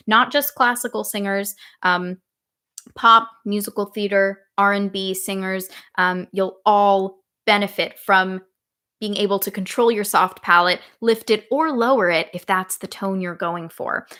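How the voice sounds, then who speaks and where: A woman singing coach teaching a live online lesson in a relaxed, explaining way, breaking into sung vowels to demonstrate. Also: mid-range voice.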